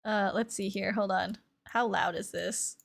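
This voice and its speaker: A woman's voice: mid-range voice, fairly even intonation, a little slow, gravelly. A young woman streaming a game, chatting casually, laughing often and reading character lines in mock-serious voices.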